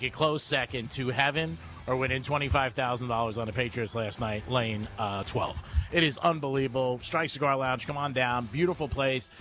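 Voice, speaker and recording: A man's voice: medium pitch, pushed and bright. A man hosting a live radio show from a cigar lounge, rambling through stories and laughing often. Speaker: radio host. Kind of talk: casual radio chat.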